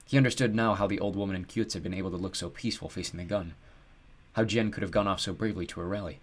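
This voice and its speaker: A man narrating an audiobook in a steady, measured storytelling voice. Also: sits low.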